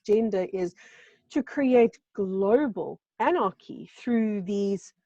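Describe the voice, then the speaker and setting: Woman from South Africa, emphatic, repeats for stress, mellow voice, dull call audio. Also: medium pitch, animated, slow, dry recording. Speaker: show co-host. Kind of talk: casual video-call chat. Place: home in a seaside village.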